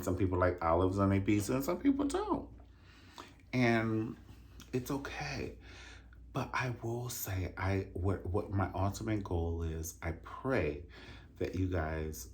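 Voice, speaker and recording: A man vlogging casually, animated and chatty, calling his viewers honey and singing out drum rhythms. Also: low voice, a little hiss or hum. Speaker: vlogger reviewing a dance concert. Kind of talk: casual chat.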